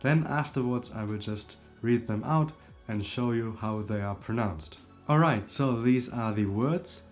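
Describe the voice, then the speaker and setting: Man teaching pronunciation over soft music. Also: on the low side, expressive. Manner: repeats each word slowly twice. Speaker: language teacher. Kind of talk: explaining and modeling pronunciation to camera.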